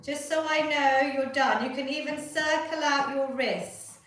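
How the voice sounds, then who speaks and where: A woman's voice: high voice, unhurried, a bit bright, soft background music. A woman leading a live online exercise class, encouraging and upbeat as she coaches. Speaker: fitness instructor. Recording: echoey room from far off.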